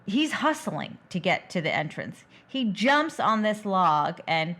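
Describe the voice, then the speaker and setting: A woman's voice: medium pitch, sing-song, unhurried, fairly bright tone. A woman co-hosting a podcast in casual movie-review chat, retelling scenes step by step. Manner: chatty, recounts scenes step by step. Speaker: podcast co-host.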